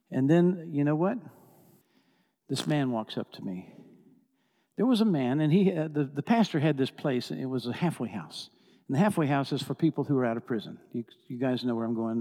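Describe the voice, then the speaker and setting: A man preaching a storytelling sermon, animated, swinging from hushed tones to shouting. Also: fairly high pitch, in a large hall. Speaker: preacher and worship leader.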